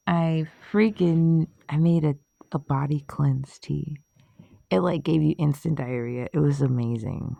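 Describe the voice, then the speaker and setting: A woman's voice: sits low, unhurried, gravelly, dark tone, no echo. A woman chatting casually in a rambling way, swearing, laughing often and losing her train of thought. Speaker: vlogger.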